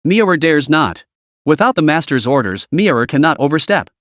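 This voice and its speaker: A man's voice: fairly high pitch, big pitch swings, moderate pace, fairly bright tone, no room sound, clean studio sound. A man voicing a timid, deferential female disciple who speaks in a meek, pleading way.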